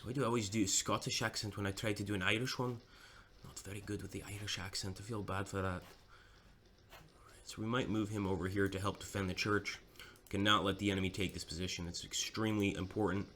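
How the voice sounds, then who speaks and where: Man, low voice, forceful bright tone, casual game commentary, self-mocking. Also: flat delivery, brisk, slight background noise.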